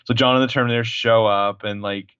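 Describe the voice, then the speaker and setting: Profane animated man on a dull podcast recording. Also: mid-range voice, fast, clear, resonant tone, no echo. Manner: animated, profane, acts out lines. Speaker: podcast co-host. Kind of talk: casual movie discussion.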